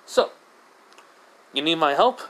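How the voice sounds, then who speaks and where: A man's voice: fairly high pitch, lively intonation, takes it slowly, fairly bright tone, rough recording. A man voicing a young male ninja reborn as a slime, speaking mildly and casually with hesitant fillers.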